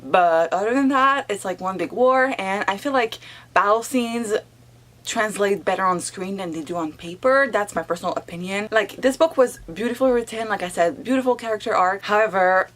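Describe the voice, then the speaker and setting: A young woman chatting in a casual reading vlog, animated and full of filler words. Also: medium pitch, normal speed. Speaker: book vlogger.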